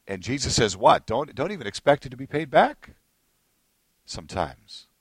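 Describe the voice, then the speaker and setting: A man preaching a sermon as pastor, animated, swinging between low asides and high excited bursts and acting out little scenes. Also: moderate pace, slightly rough, no room sound.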